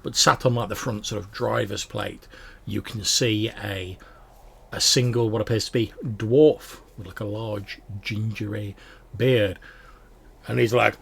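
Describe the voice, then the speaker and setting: A man's voice: lowish voice, steady tone, a little slow, creaky, husky. A man running a tabletop game as game master, narrating casually with many fillers.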